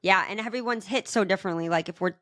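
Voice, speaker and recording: A woman co-hosting a podcast in casual chat, chatty and quick to laugh. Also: mid-range voice. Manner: warm-hearted, chatty, laughs often. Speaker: podcast co-host.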